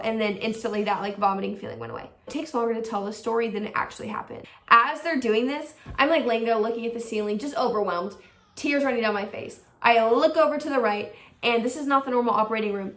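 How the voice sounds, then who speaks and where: A woman's voice: a little high, fast talker, fairly bright tone, distant mic. Chatty young woman, roomy and off-mic. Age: young adult. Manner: chatty, many "like" fillers, reenacts quotes. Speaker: vlogger. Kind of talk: casual storytelling.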